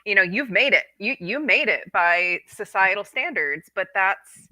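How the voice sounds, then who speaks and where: A woman's voice: medium pitch, lively intonation, a little slow, sharp tone, no echo. A woman host and therapist in an unscripted conversation, speaking in affirming, flowing run-on thoughts.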